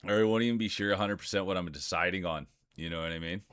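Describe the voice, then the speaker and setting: A man's voice: low voice, fast talker, a bit bright, smooth, dry recording, studio quality. A man streaming live, chatting casually and rambling while greeting viewers by name.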